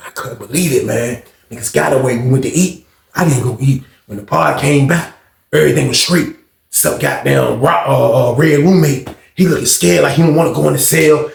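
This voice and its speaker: A man's voice: mid-range voice, normal speed, creaky, reverberant. A man hosting a casual storytime vlog, telling it loose and slangy, saying "man" often. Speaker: storyteller host.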